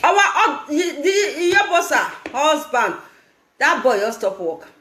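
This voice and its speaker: A Nigerian woman with a high, sharply rising and falling voice runs a live stream. She scolds and laughs often as she talks. The sound is roomy and echoing. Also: sing-song, unhurried, a bit bright, a little hiss or hum. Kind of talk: casual live-stream commentary.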